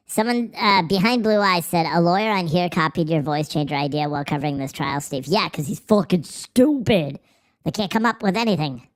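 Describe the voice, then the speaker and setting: A man hosting a livestream through a pitch-shifting voice changer, chatting casually while reading viewer comments, sarcastic and profane with frequent laughs. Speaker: livestream host. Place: office.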